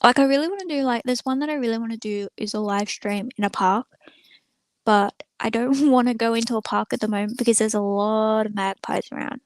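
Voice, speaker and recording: A woman's voice: on the high side, fairly quick, no echo. A woman chatting casually to viewers during a live stream from a room at home, rambling and filling her talk with "like" and "um". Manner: rambling, many filler words, chatting to viewers. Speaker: small channel live streamer. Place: room at home with the door closed.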